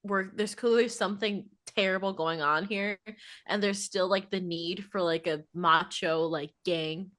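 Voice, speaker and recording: A woman's voice: medium pitch, steady tone, measured pace, a bit bright. A woman co-hosting a casual podcast, chatty and laughing, with trailing filler words. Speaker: podcast co-host. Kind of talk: casual chat.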